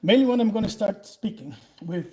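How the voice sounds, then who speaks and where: A Brazilian-accented man in his forties explains self-defense moves in a loose, chatty way, breaking into laughs. His voice sits high for a man. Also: animated, fairly quick, warm tone, rough recording. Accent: Brazilian Portuguese. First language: Portuguese. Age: 40s. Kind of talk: casual live Q&A and instruction.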